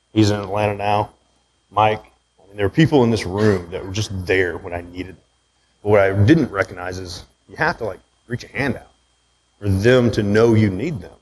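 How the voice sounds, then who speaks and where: A man's voice: fairly low pitch, slight background noise, poor audio. Candid man telling his story to a room. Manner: candid, conversational, keeps asking "right?". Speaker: speaker giving a talk. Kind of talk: personal story talk to a live audience. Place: room with an audience.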